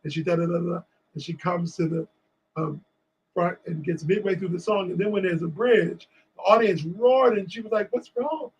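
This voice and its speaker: A man from Washington, D.C., a guest on a talk show, telling lively stories and acting out what people said. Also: sits high, normal speed, highs cut off, a little hiss or hum. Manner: animated storyteller acting out quotes. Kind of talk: storytelling in a casual interview.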